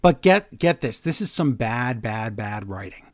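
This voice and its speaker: A man with a measured delivery co-hosts a wrestling podcast, reviewing the past week's shows in casual talk, and there's no room sound. He grows exasperated and incredulous, getting animated as his pitch climbs in disbelief.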